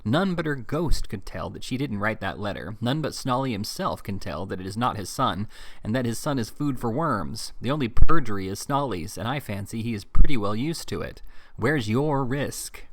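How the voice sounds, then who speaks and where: A man's voice: medium pitch, expressive, moderate pace, fairly bright tone. A man reading aloud as a scheming, commanding moneylender who talks curtly and with emphasis. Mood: stern. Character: scheming stern older male moneylender.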